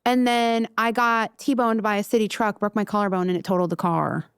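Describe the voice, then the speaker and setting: A woman's voice: medium pitch, steady tone, fairly quick, smooth, no echo, studio quality. A woman guest on a finance show, answering questions defensively and chattily. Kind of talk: interview.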